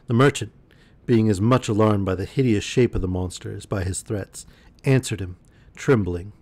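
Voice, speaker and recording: A man reading a bedtime story aloud in a calm, measured way. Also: on the low side, no echo. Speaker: storyteller streamer.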